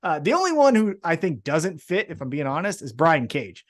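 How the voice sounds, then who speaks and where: Young male podcast co-host, lively, swears freely, loose chat. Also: fairly high pitch. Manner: animated, swearing, quick asides. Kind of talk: casual wrestling podcast chat.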